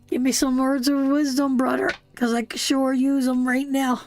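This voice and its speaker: Faint music plays behind a Canadian woman hosting an emotional live tarot reading, who talks straight to her viewers from the heart. Her high voice holds a level tone at normal speed.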